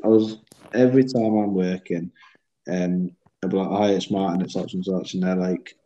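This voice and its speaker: A man with a Shropshire accent co-hosting a casual football podcast, chatty and quick to laugh at himself. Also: sits low, fairly even intonation, dark tone, dull audio. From Shropshire, England. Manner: chatty, laughs often, self-mocking. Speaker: podcast co-host.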